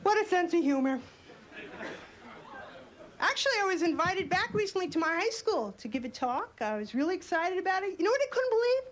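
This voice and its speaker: A young woman performing a stand-up comedy routine, delivering wry, quick punchlines. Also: very high voice, very animated. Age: young adult. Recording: club stage mic over a laughing crowd.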